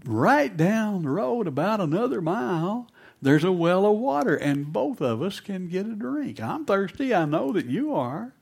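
A cheerful, easygoing man offers help in a warm, eager voice, as a preacher acts him out. His voice rises and falls with a friendly liveliness. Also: sits high, very animated, unhurried, creaky, husky, voice pushed up, heavily acted. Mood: kind.

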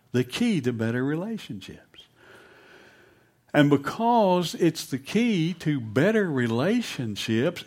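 A man preaching a sermon, telling a story with animated delivery and hushed emphasis. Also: mid-range voice.

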